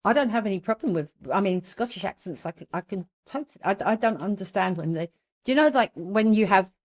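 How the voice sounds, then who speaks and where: A woman's voice: mid-range voice, expressive, a little fast. Hesitant woman with a London accent. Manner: hesitant, repeats words. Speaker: podcast regular. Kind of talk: casual group chat.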